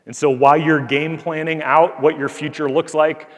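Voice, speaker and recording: Speaking at normal speed in a flat, somewhat high voice, an Air Force colonel addresses cadets with an earnest, conversational motivational talk. He shares an anecdote from when he commanded a squadron, peppering it with frequent "like" fillers, and the recording carries a long hall reverb.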